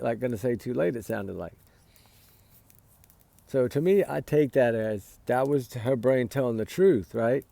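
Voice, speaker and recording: A man's voice: mid-range voice, lively intonation, a little slow, gravelly, pauses often, warm tone, no room sound. A tired man giving his casual opinions on a case, rambling and often asking "right?". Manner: rambling, repeats "right?", sighs and yawns. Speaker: commentator on a missing-child case.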